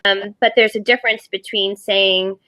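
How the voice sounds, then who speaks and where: A woman's voice: medium pitch, steady tone, moderate pace, sharp tone. A woman guest in a casual panel chat, talking chattily and thinking aloud with lots of fillers.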